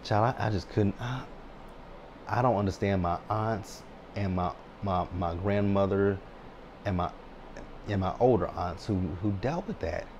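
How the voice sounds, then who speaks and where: A man's voice: on the low side, a little slow, darkish tone, muffled recording, slight background noise. A man in his thirties giving a blunt, sassy, chatty recap of a reality show. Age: 30s. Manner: sassy, blunt, chatty with frequent "child" and "right?". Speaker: TV recap host.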